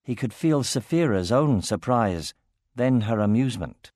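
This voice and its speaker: A man narrating a fantasy novel in a steady, measured reading voice. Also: medium pitch, no echo, studio quality.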